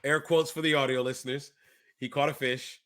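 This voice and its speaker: Brief: man, podcast co-host, bright forceful voice, animated storyteller, a bit sick. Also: medium pitch, brisk. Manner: animated storyteller, acts out quotes. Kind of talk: casual chat.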